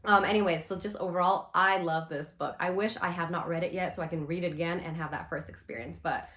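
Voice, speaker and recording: A woman's voice: lowish voice, steady tone, quick pace, fairly bright tone. A young woman chatting casually in a book review, gushing and rambling with lots of "you know" and "like". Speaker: book vlogger. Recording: roomy echo.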